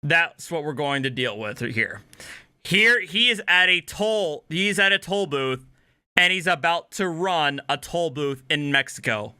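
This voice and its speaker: A man's voice: on the high side, lively intonation, a little slow, bright, forceful tone, clean tone, no echo, studio quality. A man giving rambling, profane reaction commentary, correcting himself as he goes and a bit drunk. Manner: rambling, heavy swearing, self-correcting. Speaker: commentary host.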